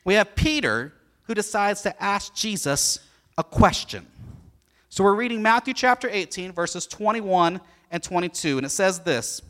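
Male pastor, middle-aged: animated sermon delivery, high and bright. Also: unhurried. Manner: animated, storytelling, asks the congregation questions.

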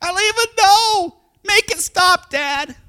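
A man voicing a small boy who is crying and can't say why, in a high, pleading, wailing voice. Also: expressive, slow, bright, forceful tone, full character voice. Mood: tearful.

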